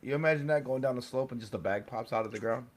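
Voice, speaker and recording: A man's voice: medium pitch, fast talker, slight background noise. A man co-hosting a casual live podcast, playfully teasing his co-host and laughing a lot.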